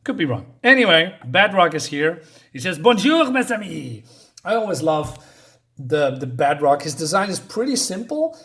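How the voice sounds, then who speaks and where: A man's voice: fairly high pitch, sing-song, moderate pace, pushed and bright. A man casually reviewing a comic book, chatty and chuckling at his own jokes, with lots of fillers.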